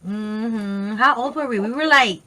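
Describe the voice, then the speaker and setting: High, bright-voiced New woman vlogger. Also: unhurried. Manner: animated and profane, with slangy quoted voices. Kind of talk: casual storytelling on camera.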